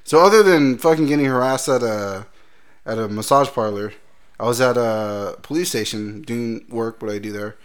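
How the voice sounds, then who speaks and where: A man in casual podcast chat, telling crude stories with lots of laughing and quoted voices. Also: medium pitch.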